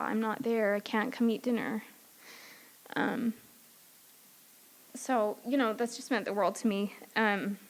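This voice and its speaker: Candid, self-mocking woman with a slightly high voice. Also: a bit bright. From San Diego, California. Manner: candid, self-deprecating, laughs at herself often; loose and chatty, many fillers. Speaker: AA meeting speaker. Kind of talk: personal recovery talk.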